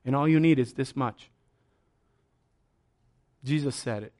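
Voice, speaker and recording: A man preaching a sermon as a pastor, passionate, swinging from soft asides to loud, high exclamations. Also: unhurried.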